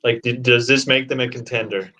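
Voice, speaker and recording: Male co-host, questioning and unsure, average pitch. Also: steady tone, brisk, bright, forceful tone, poor audio. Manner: questioning, tentative. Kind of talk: casual sports chat. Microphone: online call.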